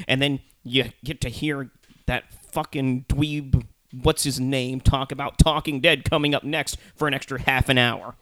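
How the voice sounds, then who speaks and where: A man co-hosting a casual podcast, ranting heatedly with curses and at times shouting. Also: medium pitch, no room sound. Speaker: podcast co-host. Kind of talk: casual profane chat.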